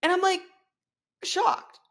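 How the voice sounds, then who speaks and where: A woman's voice: very high-pitched, slow pace, a bit bright. A woman in her thirties hosting a podcast, chatting frankly with frequent swearing and laughter. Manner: frank, profane, laughs often. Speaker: podcast host. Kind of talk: casual confessional chat.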